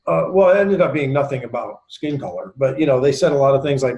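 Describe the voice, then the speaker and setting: A man with a New York accent leads a group session and spins long anecdotes, slipping into voices for the people he quotes. His voice sits at an ordinary middle pitch. The room around him adds a noticeable echo. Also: expressive, fast talker, few pauses, darkish tone, highs cut off. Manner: talkative, acts out quotes in voices. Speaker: sales trainer. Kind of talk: casual storytelling to a group. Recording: roomy echo.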